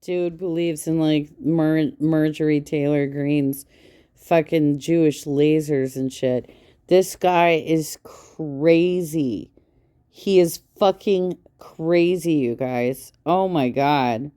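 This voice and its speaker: A woman with a lowish voice talks slowly and deliberately while she mocks what she is watching. She is scornful and sarcastic, and she swears nearly every line. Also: steady tone, warm tone, clear, resonant tone. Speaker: reaction commentator. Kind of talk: profane mocking commentary.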